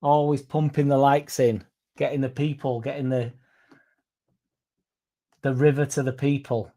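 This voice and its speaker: A man's voice: mid-range voice, little pitch movement, measured pace, long pauses, dark tone. A young man hosting a fan stream, rambling casually, swearing now and then and reading out viewer comments. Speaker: fan channel host reading chat. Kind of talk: casual live-stream chat.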